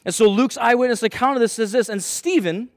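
A man in his thirties, a pastor, preaching a sermon in a chatty, animated way and telling a self-mocking story about his family. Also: very high voice, fast talker, no echo, studio quality.

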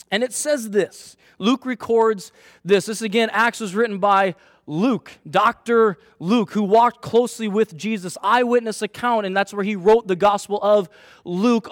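A man in his thirties, a pastor, preaching a sermon in a chatty, animated way and telling a self-mocking story about his family. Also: sits high, no room sound, clean studio sound.

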